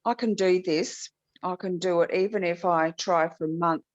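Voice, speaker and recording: A woman's voice: lowish voice, steady tone, normal speed. A woman joining a group video call as a participant. She speaks candidly and reflectively, and her sound is dull and lo-fi. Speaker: workshop participant. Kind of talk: casual chat on a video call.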